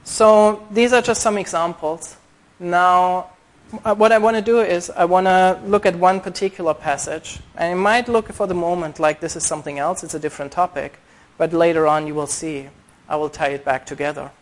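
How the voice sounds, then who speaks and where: A man preaching a sermon, earnest, reading scripture aloud and slowing down to stress key words. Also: high-pitched. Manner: reads scripture aloud in old-style wording.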